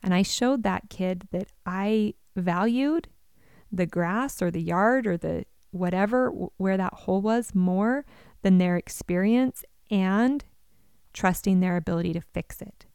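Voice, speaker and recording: A woman's voice: mid-range voice, unhurried, a little mellow, smooth, dry recording. Earnest woman giving parenting advice. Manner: earnest, encouraging, speaks straight to the listener. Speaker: parenting educator.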